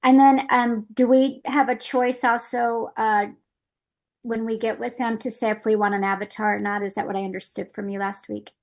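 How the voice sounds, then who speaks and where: Woman participant on a video call, somewhat high voice, hesitant questions, lots of fillers. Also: level tone, moderate pace, a little mellow. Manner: hesitant, laughs easily, many fillers. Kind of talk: casual webinar Q&A.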